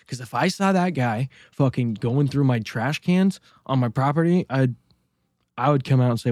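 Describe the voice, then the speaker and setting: A man's voice: mid-range voice, animated, normal speed, a little mellow, dry recording, clean studio sound. Rambling, cursing man telling stories. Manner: rambling, profane, storytelling with many restarts. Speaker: podcast co-host. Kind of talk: casual podcast chat.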